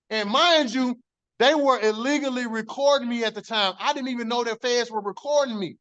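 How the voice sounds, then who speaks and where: A man's voice: very high voice, fairly quick, a bit bright. A man, a former corrections officer, telling his story in an interview, emphatic and profane, acting out the dialogue he quotes.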